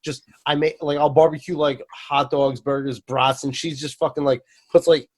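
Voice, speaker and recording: A man's voice: a little high, little pitch movement, moderate pace. A man co-hosting a podcast in casual chat, rambling, swearing and poking fun at himself. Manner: rambling, profane, self-deprecating. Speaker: podcast co-host.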